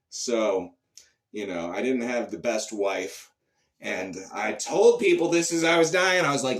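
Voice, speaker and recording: A man performing a profane comic rant, shifting between low mutters and sudden shouts. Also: takes it slowly, echoey room, far from the mic. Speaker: comedian. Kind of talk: character comedy monologue.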